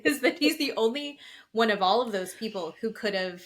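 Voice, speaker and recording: Chatting casually on a podcast she co-hosts, a woman recaps a reality show, swearing and acting out what the cast said. Her voice is fairly high and fairly bright, with lively intonation and a brisk pace, and there's a little hiss or hum on the recording.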